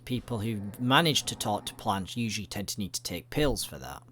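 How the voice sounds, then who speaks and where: A man with a somewhat low voice talks his way through a game in loose, rambling let's-play commentary. He jokes crudely and swears freely. A faint hiss of noise sits under his voice. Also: very animated, a little fast, bright, forceful tone. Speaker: gaming video creator.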